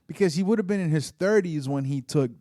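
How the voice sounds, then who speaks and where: A man's voice: fairly high pitch, fast, dark tone, dry recording, studio quality. A man co-hosting a podcast in casual chat, easygoing, often restarting his sentences. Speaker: podcast co-host.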